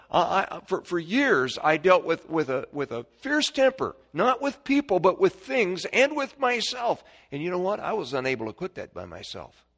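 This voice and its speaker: Middle-aged male preacher, high-pitched, emphatic sermon delivery with many restarts. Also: a bit bright.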